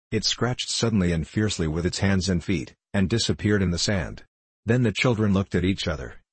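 A man narrates a children's storybook in a steady audiobook reading. His voice is very low and husky. The recording is dry and close, with no room sound. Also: no echo.

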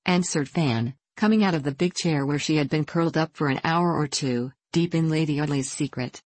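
A woman narrating a classic story in a measured, even reading voice. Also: sits low, slightly rough, dry recording. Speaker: audiobook narrator. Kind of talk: scripted narration.

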